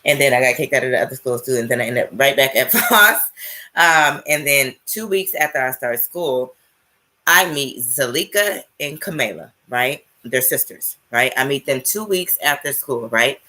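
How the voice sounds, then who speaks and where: A woman's voice: a bass voice, expressive, moderate pace, sharp tone. A woman in her thirties telling a personal story straight to camera, emphatic and salty, checking in with listeners after nearly every phrase. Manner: emphatic, checks in with frequent "right?" and "okay?"; swears casually. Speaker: spiritual vlogger.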